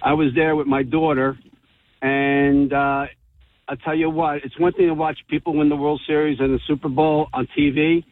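Heartfelt middle-aged caller over the phone. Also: male voice, on the high side, level tone, moderate pace, no echo. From New Jersey. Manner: heartfelt, storytelling. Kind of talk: call-in radio talk. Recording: tinny phone line.

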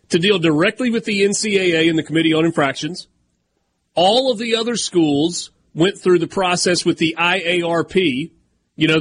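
A man's voice: sits high, fairly bright tone, a little hiss or hum. A man with a Southern American accent hosting a sports talk radio show, reading out rulings and riffing on them in a conversational way. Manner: reads documents aloud, then riffs conversationally.

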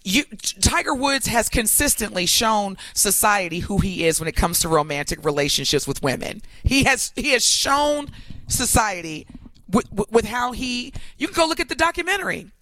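A woman co-hosting a talk show, making her points emphatically with animated, repeated phrasing. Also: medium pitch, moderate pace. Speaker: co-host. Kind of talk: opinionated talk show discussion.

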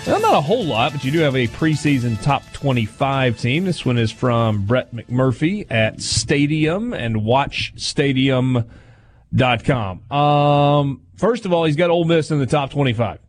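A man's voice: mid-range voice, lively intonation, unhurried, soft background music. A man hosting a sports talk radio show, reading sponsor copy and running down poll rankings while teasing his co-hosts.

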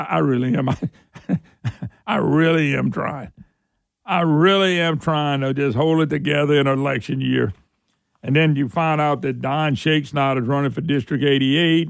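A man hosting an opinionated political talk show, sarcastic and quick to laugh. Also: fairly even intonation, creaky, no echo, studio quality. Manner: sarcastic, laughs often, voice jumps high when mocking. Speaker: radio talk show host.

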